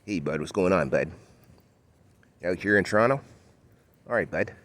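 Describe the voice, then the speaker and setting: A man putting on a stereotypical laid-back Toronto guy who calls everyone bud, loud and friendly. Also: sits low, animated, moderate pace. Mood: friendly hearty.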